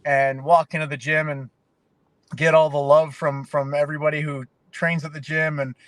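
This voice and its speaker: A Canadian man, a fighter guest on a podcast, telling animated, emotional stories in casual conversation. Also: a little high, normal speed, dry recording, low-quality recording. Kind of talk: casual interview.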